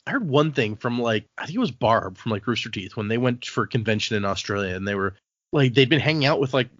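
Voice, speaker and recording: A man's voice: mid-range voice, lively intonation, fast talker, a bit bright, no room sound. A man hosting a podcast, rambling through anecdotes with many restarts. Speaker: podcast host and editor. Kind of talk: casual chat. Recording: dry, dull lo-fi sound.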